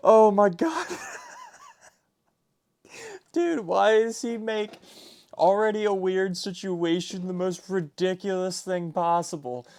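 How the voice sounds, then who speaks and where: A man's voice: high-pitched, unhurried, darkish tone, clear, resonant tone. A man hosting a reaction video, talking through helpless laughter and near tears. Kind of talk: casual reaction commentary.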